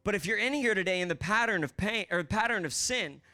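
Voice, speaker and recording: A man's voice: high voice, lively intonation, a little fast, bright, forceful tone. A man preaching a sermon as pastor to a church congregation, emphatic, acting out prayers in the first person.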